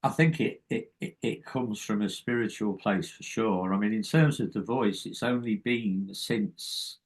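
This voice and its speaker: A man's voice: lowish voice, unhurried. A man in his sixties with Welsh heritage, a musician guest in a casual interview, talking hesitantly with stammering restarts. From Wales by heritage, lives in England.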